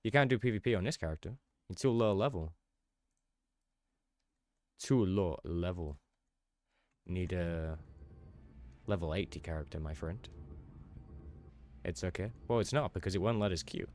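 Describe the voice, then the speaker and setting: Male streamer, very low voice, playful and teasing, loose casual commentary. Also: normal speed, pauses often, darkish tone. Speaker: game streamer.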